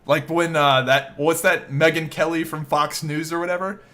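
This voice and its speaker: A man's voice: a little high, fairly even intonation, normal speed, sharp tone. A young man hosting a podcast, telling a story in casual chat with frequent laughter and swearing. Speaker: podcast host.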